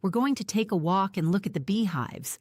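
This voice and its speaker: A woman's voice: mid-range voice, animated, moderate pace, a little mellow, no echo, clean studio sound, lightly acted. A woman reading a teasing former cop. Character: joking man, former police officer.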